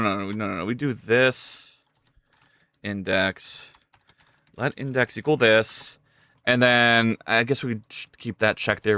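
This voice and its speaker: A man's voice: fairly high pitch, pushed and bright, no room sound, clean studio sound. A man streaming live while coding his game, thinking aloud in a rambling way, swearing and talking to his chat.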